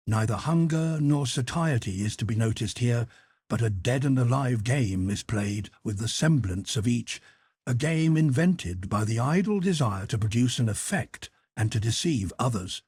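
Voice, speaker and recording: Male audiobook narrator with a husky tone and a dry, close sound. Measured, deliberate essay reading. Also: mid-range voice, expressive, darkish tone, dry recording. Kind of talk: scripted narration of a philosophical essay.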